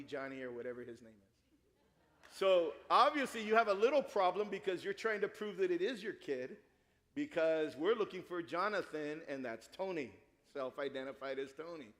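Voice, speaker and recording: A middle-aged man preaching a sermon, telling a family story with lively acted-out dialogue. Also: on the high side. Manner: animated storytelling, acts out dialogue. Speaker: pastor. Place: church sanctuary. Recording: long hall reverb.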